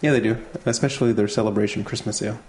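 A man's voice: lowish voice, fairly even intonation, very fast, darkish tone, a little hiss or hum. A man co-hosting a casual beer tasting show, chatting easily and thinking aloud with small restarts. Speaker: co-host.

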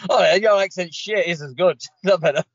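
Laid-back podcast co-host in a car. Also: male voice, high-pitched, breathy edge, no room sound, dull audio. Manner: laid-back, laughing, a bit sheepish. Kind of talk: casual podcast chat. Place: parked car.

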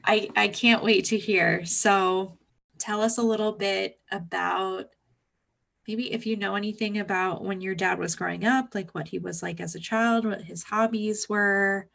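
A woman co-hosting a podcast, speaking gently and reflectively with warm empathy for her guest. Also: mid-range voice, fairly even intonation, unhurried, gravelly. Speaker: podcast co-host. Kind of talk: casual podcast conversation.

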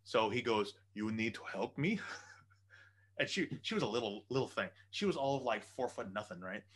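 A man telling a long story in a casual, animated way and swearing freely. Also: mid-range voice, normal speed, husky.

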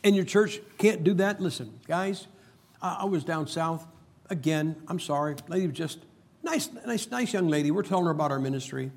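A man's voice: on the high side, expressive, normal speed, gravelly. A man preaching a humorous sermon, telling stories and making emphatic points with jokes. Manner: joking, storytelling, emphatic preacher.

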